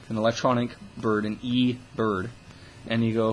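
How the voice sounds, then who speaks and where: A man's voice: mid-range voice, level tone, moderate pace, rough recording. A young man talking into the camera in a casual vlog, ranting with scorn and constant swearing. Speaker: vlogger.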